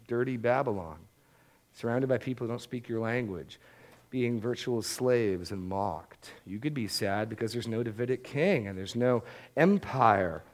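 A man with a medium-pitched voice delivers a Bible-teaching sermon conversationally. He often repeats words as he restarts a thought.

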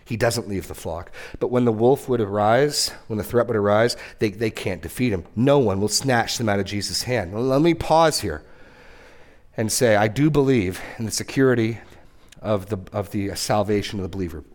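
A man delivers a sermon in an earnest, emphatic way. His voice sits on the low side, and he often doubles a word before pressing on. He lifts his pitch sharply to stress a point. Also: normal speed. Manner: earnest, repeats words, rises and drops in pitch for emphasis. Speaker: pastor.

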